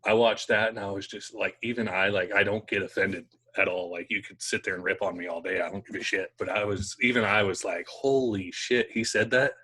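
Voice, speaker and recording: A man's voice: low voice, little pitch movement, brisk, hardly any pauses, pushed and bright, husky. A man hosting a podcast chat, laid-back and casual, swearing and stumbling over his words. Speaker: podcast host. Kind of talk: casual conversation.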